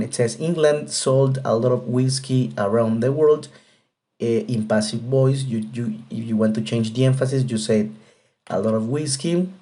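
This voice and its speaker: Patient, mellow-voiced male English teacher. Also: mid-range voice. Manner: patient, repetitive explanation with frequent fillers. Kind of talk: grammar lesson explanation.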